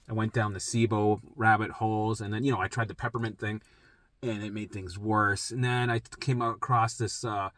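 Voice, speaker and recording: A man with a lowish, fairly bright voice rambles through his own health story as a vlogger, recorded with no echo. His storytelling is casual, profane, and emphatic.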